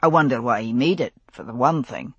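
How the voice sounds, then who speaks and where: A drowsy Scottish man murmurs and teases in a deep, slightly husky voice, put on by a woman reading the story. His speech is dry and close, lazy but shrewd underneath. It sounds like an audiobook. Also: lively intonation, brisk, dry recording, highs cut off, exaggerated voice. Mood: wry, thoughtful. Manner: drowsy, wry, gently teasing. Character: sleepy, teasing Scottish man in bed.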